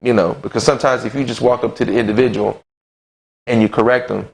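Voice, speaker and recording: A man in a casual live-stream conversation, relaxed and talkative, who often restarts and repeats his words. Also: mid-range voice, fast, vocal fry.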